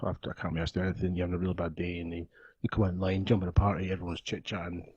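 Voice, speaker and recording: Man, casual podcast co-host, low voice, rough husky tone, playful swearing. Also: level tone, rapid-fire, a little mellow, no room sound, lo-fi sound. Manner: laughs a lot, swears playfully. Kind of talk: casual chat.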